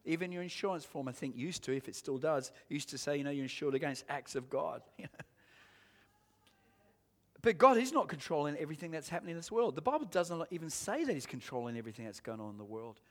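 A man preaching a sermon to a congregation, emphatic and rising to shouts, calling for amens and asking the room questions. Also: fairly high pitch, lively intonation, fast. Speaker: pastor.

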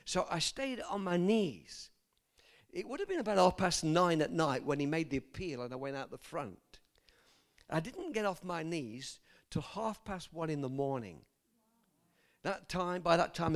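Man, preacher, testimony sermon, earnest, rather high voice, very expressive pitch, asks the congregation questions. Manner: earnest, speaks straight to the congregation with asides and questions.

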